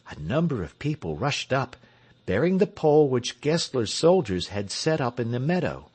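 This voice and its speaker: A man narrating an audiobook as scripted narration, in an expressive storytelling manner. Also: mid-range voice, moderate pace.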